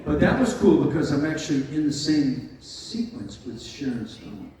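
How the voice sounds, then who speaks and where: A man's voice: a little high, very animated, normal speed, distant mic. An American man in his sixties, a guest at a convention panel, telling rambling, joking stories with lots of fillers. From United States. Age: 60s. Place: large convention hall. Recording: echoey hall, heard from afar, faint noise.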